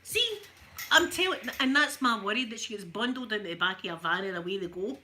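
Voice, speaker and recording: A woman's voice: medium pitch, expressive, fairly quick, pushed and bright, a little hiss or hum. A middle-aged Scottish woman chatting casually while ironing, rambling from one story to the next. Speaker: ASMR creator.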